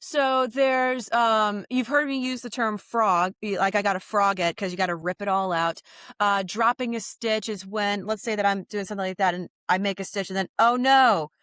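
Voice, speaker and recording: A woman in her thirties, a podcast guest with a neutral Midwestern American accent, telling animated stories with quick asides and frequent laughter. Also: mid-range voice, smooth, no echo. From New Orleans. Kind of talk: casual interview chat.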